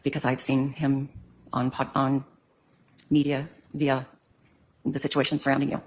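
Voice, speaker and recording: A woman's voice: rumbling low, level tone, normal speed, a little mellow, slight background noise. An older woman giving court testimony, answering hesitantly with many ums. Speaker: witness in court.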